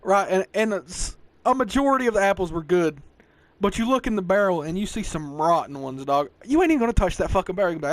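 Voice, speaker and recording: A man in his twenties with a thick Southern US accent hosts a casual podcast. He rambles and swears freely, tossing in "bro" and "dog" constantly. His voice runs a bit high for a man. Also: lively intonation, fast talker. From American South. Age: 20s. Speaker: podcast host. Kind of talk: casual chat.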